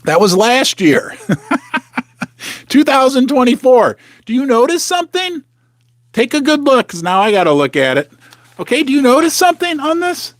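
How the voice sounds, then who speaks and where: Man, host, basement commentary, rambling, sarcastic asides, very expressive pitch. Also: normal speed, dry recording, studio quality. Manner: animated, sarcastic asides, talks to himself. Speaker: host of a precious metals channel. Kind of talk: casual rambling commentary to viewers. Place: home basement.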